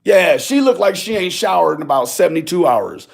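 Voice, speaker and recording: A man's voice: high voice, lively intonation, a little fast, gravelly. A man telling a profane, mocking story in a casual rant, often acting out other people's lines. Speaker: video blogger.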